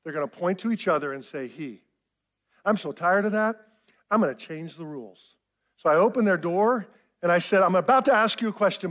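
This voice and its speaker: A man in his fifties preaching a sermon, telling a family story in an animated, self-mocking way. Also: high voice. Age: 50s. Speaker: pastor.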